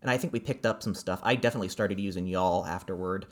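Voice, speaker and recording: A woman's voice: very deep voice, fast, a little mellow. A woman from Columbus co-hosting a podcast, explaining things thoughtfully in casual talk with small hesitations. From Columbus, Ohio. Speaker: podcast co-host. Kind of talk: casual chat.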